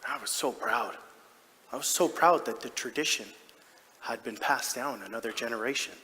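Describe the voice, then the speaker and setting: A man's voice: mid-range voice, moderate pace, close to an everyday voice. A man playing a proud, doting hockey dad in a comedic stage monologue, chatty and self-mocking. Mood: fond. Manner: chatty and self-mocking, with sudden excited outbursts. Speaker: stage actor. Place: large theatre stage. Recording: reverberant theatre hall.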